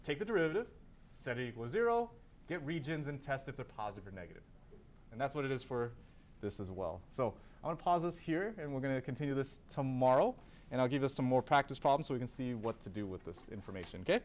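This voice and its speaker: A man's voice: mid-range voice, very animated, fast talker, a little mellow, a little hiss or hum. A man teaching a calculus class, asking students questions, then answering them himself and repeating key terms. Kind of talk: classroom lecture.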